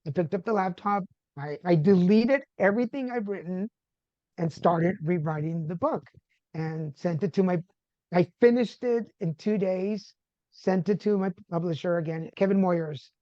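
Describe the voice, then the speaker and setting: Animated man telling a personal story. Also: sits high, moderate pace, dry recording, muffled recording. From Texas. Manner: animated, acts out quoted dialogue. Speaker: podcast guest. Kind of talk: conversational storytelling.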